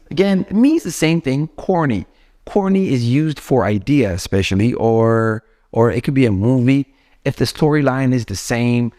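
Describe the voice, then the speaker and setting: In a darkish, medium-pitched voice, a young non-native English speaker with an Ethiopian accent runs a chatty, informal English lesson. He keeps asking his viewers questions as he teaches.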